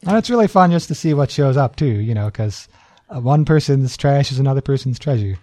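A man co-hosting a community radio show, reading event listings in a relaxed, casual way. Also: medium pitch, a little fast, no room sound. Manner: relaxed, reads event listings with easy chuckles. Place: radio studio.

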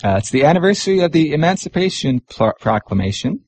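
A man hosting a community radio show in a studio, chatting casually and pausing often with fillers. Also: a little high, husky. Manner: relaxed, chatty, pauses with many fillers.

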